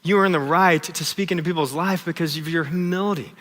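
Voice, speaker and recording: Bright-voiced man preaching in reverberant church. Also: on the high side, fast talker. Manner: conversational, self-deprecating, tags lines with "right?". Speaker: pastor. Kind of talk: sermon storytelling. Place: church sanctuary.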